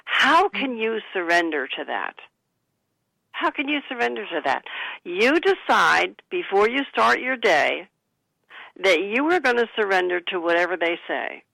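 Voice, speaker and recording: Woman guest on talk radio giving calm advice, gravelly voice, dry close sound. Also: medium pitch, measured pace, dry recording, poor audio. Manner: calm, counseling, gives sample phrases to say. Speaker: psychic author, guest.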